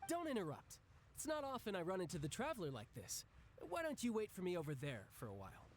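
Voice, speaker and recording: Cocky young banker in a game, lively teasing delivery, faint ambience. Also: male voice, high voice, quick pace, a little hiss or hum, full character voice. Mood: dismissive. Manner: smooth, teasing, confident. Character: cocky young male banker, playful and menacing.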